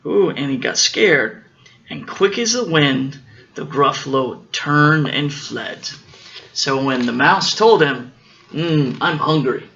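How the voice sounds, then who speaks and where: A father reading a picture book aloud to his children, gently explaining the story as he goes. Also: fairly high pitch, animated, takes it slowly, creaky, lo-fi sound, a little hiss or hum.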